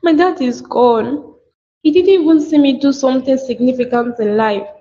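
A woman with a Nigerian accent voicing a young woman mourning her father in an animated drama. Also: high-pitched, moderate pace, a little hiss or hum, close to an everyday voice. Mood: grieving. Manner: pleading, sobbing questions. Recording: muffled echoey home recording.

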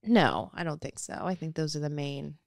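A woman's voice: sits low, lively intonation, normal speed, creaky. A young adult woman chatting casually with her sisters, laid-back, with short dry replies and easy laughs. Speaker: guest sister. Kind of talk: casual chat.

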